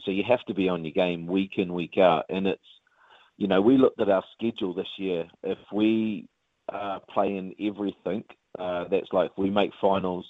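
Low-voiced new zealand bloke, tinny phone line, relaxed rambling chat full of ums. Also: male voice, no room sound. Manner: relaxed, rambling with many fillers, calls the host mate. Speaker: rugby player interviewed. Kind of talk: casual interview chat.

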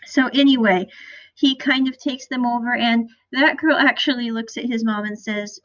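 A chatty woman from the Midwest recaps a series on her podcast, retelling scenes in an animated way. Her voice sits a little high. The recording is dull and lo-fi. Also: normal speed. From American Midwest. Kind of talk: casual recap monologue.

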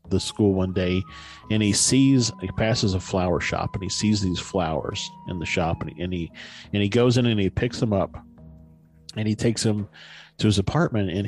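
A man with a fairly low voice retells a story in casual podcast chat. He rambles, stops and restarts often, and fills gaps with ums and "you know". Faint music plays underneath. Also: a little mellow. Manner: rambling, many fillers and restarts.

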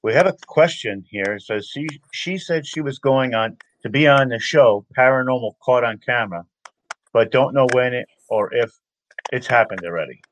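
Guy hosting an online interview, relaxed, mid pitch, kinda apologetic. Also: moderate pace, slight background noise, poor audio. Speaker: show host. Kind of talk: casual interview over a video call. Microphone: video call.

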